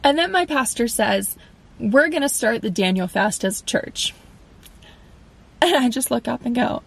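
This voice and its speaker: Young woman podcaster sharing her faith story, kinda gravelly voice sitting a bit high, earnest and confessional, acts out her own side of old convos. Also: lively intonation, measured pace, pauses often, low-quality recording. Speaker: podcast host. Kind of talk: personal testimony monologue.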